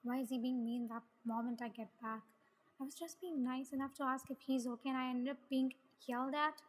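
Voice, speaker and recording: A woman reading a first-person story aloud in a plain, even way. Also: high-pitched, brisk. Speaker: story reader.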